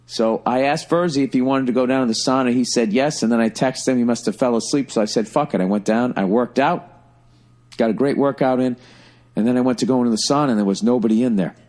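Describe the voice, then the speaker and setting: A middle-aged man telling a funny story in a casual, profane, animated way, like a stand-up comedian on a podcast. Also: medium pitch, fast talker.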